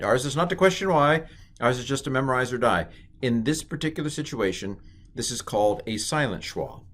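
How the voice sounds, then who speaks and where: A middle-aged man teaching an online Hebrew lesson in a playful way, with jokey asides. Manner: playful, jokey asides, lively swings in pitch.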